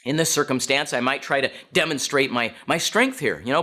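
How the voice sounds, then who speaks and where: Animated man giving a talk. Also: medium pitch, brisk. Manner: animated, direct questions to listeners. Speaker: speaker. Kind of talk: storytelling talk to an audience.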